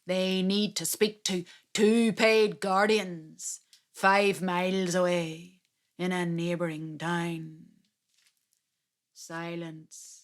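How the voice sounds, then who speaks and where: A woman performing a dramatic spoken-word story with slow, theatrical delivery. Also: mid-range voice, fairly bright tone.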